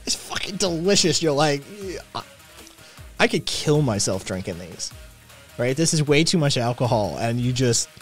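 A man hosting a casual livestream, reading chat messages aloud and answering them with loud, profane, animated opinions. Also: medium pitch. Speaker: podcast host reading live chat.

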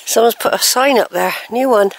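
This walking vlogger talks at a normal speed in a slightly high voice, a bit of background noise behind her. She's outdoors in the countryside, breathless and chatty, filming on a handheld phone and cooing at animals as she narrates her walk.

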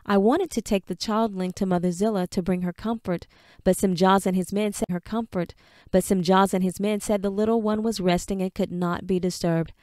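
A woman's voice: mid-range voice, steady tone, normal speed, warm tone, no room sound, studio quality, lightly acted. A woman voicing an earnest young man who pleads with his father and fights back tears, read for an audiobook. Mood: earnest, worried. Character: earnest young adult son, proud and grieving.

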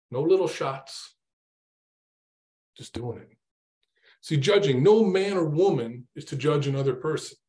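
A man's voice: medium pitch, dark tone. A middle-aged man preaching an informal sermon, conversational, asking his listeners questions and acting out his own exasperated prayers.

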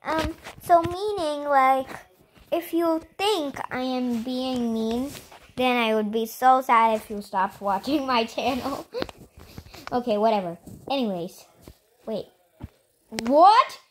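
A young girl hosting her own gaming channel, chatting excitedly and giggling to viewers as she plays. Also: high voice, takes it slowly, slight background noise. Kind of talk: casual gameplay commentary.

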